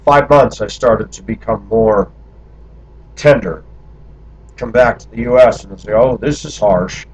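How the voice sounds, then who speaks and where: A man from the United States tells personal memories in a candid monologue, talking in long run-on stretches. His voice is on the low side, a little slow, mellow and slightly rough, with long pauses, on a dull lo-fi recording.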